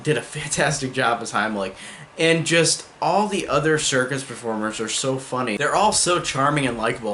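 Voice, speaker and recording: A man's voice: mid-range voice, a bit bright, slight background noise. A man giving an enthusiastic, rambling movie review in a casual way. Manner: enthusiastic, rambling, heavy use of "like".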